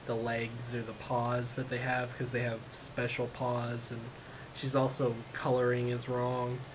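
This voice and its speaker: A man vlogging at home, rambling in a frustrated way with lots of fillers and a voice he says is going. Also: medium pitch. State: losing his voice. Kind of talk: casual rambling vlog. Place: home room with his cat. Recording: noisy home recording.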